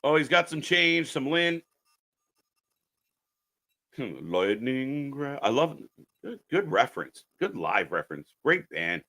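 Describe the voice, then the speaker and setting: A man ranting on a live stream as a wrestling commentator, profane and mocking, swinging between muttering and shouting. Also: medium pitch, big pitch swings, slow pace, vocal fry, long pauses.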